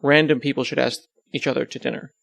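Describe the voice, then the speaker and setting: A man's voice: medium pitch, fairly even intonation, quick pace, vocal fry, dry recording. A man being interviewed on his podcast, chatting casually and joking about himself. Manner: joking, self-deprecating, rambling.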